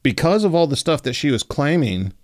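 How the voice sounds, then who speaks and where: A man hosting a podcast, telling a story in a relaxed, casual way with lots of filler words. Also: a little high, brisk, no echo, clean studio sound. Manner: relaxed, many fillers like 'like' and 'you know'. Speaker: podcast host.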